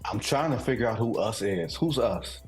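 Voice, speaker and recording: A man from Detroit co-hosting a sports talk show, measured and deliberate in debate. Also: on the low side, animated, faint music behind. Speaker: co-host.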